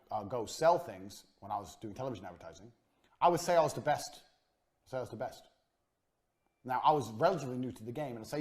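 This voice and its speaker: A man lecturing on business with swaggering, emphatic confidence, in clipped, punchy sentences peppered with casual swearing. His voice sits at an ordinary male pitch and tends to drop quiet as each phrase ends. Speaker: course instructor. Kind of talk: blunt motivational business lecture.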